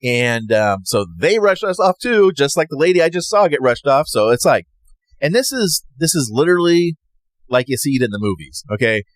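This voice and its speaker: Lively rambling man telling a story. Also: fairly high pitch, normal speed, no echo. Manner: rambling, animated, acts out others' lines. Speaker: podcast host. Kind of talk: casual personal storytelling.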